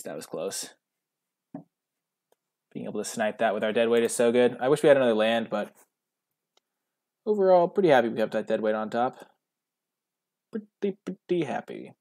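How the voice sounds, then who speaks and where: Wry, lowish-voiced male game commentator. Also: dry recording, studio quality. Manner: wry, self-mocking commentary with sudden excited outbursts. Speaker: gaming channel host.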